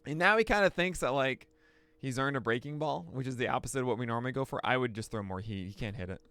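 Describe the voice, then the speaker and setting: A man hosting a pitching analysis, talking through each pitch with excitable outbursts. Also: fast talker, clean tone, dry recording. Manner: excitable, bursts into shouts and laughs. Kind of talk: excited play-by-play pitch breakdown.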